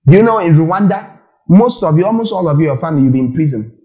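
Animated preacher man. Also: fairly high pitch, fast, dull audio. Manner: animated, rhetorical questions to the audience. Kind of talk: sermon.

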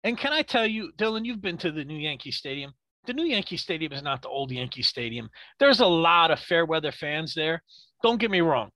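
Guy from new york going off on a sports podcast, high bright voice, swears a lot, dry close mic. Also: sing-song, no echo. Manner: profane, ranting, rapid rhetorical questions. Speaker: podcast co-host. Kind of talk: heated sports podcast rant.

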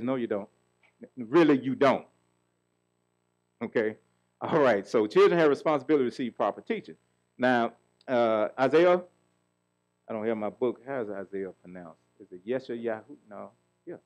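A man's voice: mid-range voice, expressive, normal speed, long pauses, muffled recording. A middle-aged man preaching a sermon as pastor, calling out questions for the congregation to answer. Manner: call-and-response preaching, asks the congregation questions.

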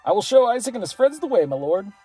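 A player voicing an eager palace guard from a fantasy game, reading the lines high and excitedly. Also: a little fast, breathy edge, faint music behind, exaggerated voice.

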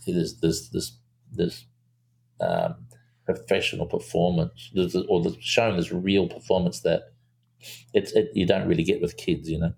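A man's voice: sits low, creaky, a little hiss or hum. A man, a film director, telling a story in a casual interview, with lots of restarts. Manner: animated storyteller, acts out quotes, many restarts.

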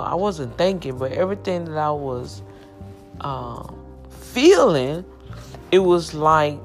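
Low, slow-spoken woman giving testimony. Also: a little mellow. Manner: impassioned, emphatic, repetitive storytelling. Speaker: speaker sharing a personal testimony. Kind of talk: emotional personal testimony.

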